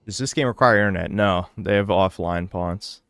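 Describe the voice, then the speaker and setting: A man's voice: low-pitched, moderate pace, fairly bright tone, no echo. A man streaming a video game, who grumbles, swears at the game and chats casually with his viewers. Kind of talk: casual live-stream commentary.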